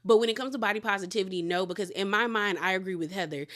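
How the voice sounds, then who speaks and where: A woman's voice: medium pitch, rapid-fire, fairly bright tone. Chatty woman recapping reality TV. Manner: chatty, heavy use of "like"; slips into quoted voices while retelling. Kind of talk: casual recap chat.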